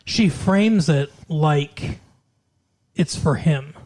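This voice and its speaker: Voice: mid-range voice, extremely slow, a little mellow. A podcast co-host in casual chat, retelling a film's plot at length and acting out the characters' quoted lines. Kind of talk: casual chat recapping a film.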